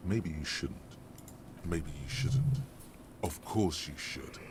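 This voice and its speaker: A man voicing a video game's wry, ominous inner-voice narrator, speaking in a measured, half-whispered way. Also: rumbling low, expressive, over music, exaggerated voice. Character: the detective's brooding inner voice, male, wry and ominous. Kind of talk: scripted video game narration. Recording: game audio with noisy ambience.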